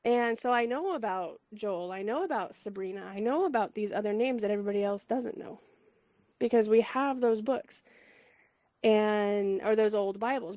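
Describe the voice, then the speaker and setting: On a call mic with no room sound and the highs cut off, a woman with a slightly high voice hosts a spiritual community call. She chats casually, rambles through asides, and laughs often.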